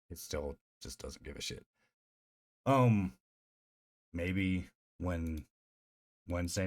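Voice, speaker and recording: A man streaming live, chatting casually in a rambling, profane way full of fillers. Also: sits low. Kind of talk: casual livestream chat.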